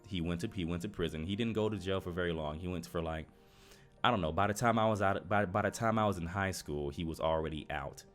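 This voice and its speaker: A young man telling his own life story to his viewers in a halting way, often repeating words as he goes. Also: deep voice, faint music behind. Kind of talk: personal storytelling to camera.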